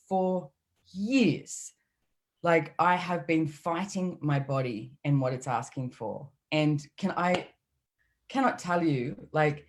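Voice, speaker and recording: A woman's voice: sits low, a little mellow. A middle-aged woman speaking in a casual, chatty way as a podcast guest, acting out her inner voices as she talks. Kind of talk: casual chat.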